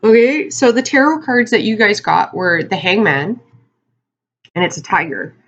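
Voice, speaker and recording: A woman's voice: medium pitch, normal speed, a bit bright. A woman reads tarot cards for her viewers in a loose, rambling way, full of little fillers and side thoughts. Her voice sits in an ordinary middle range. The recording sounds a bit dull and lo-fi. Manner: chatty and rambling, many fillers and asides. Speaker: tarot reader. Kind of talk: casual tarot card reading to camera.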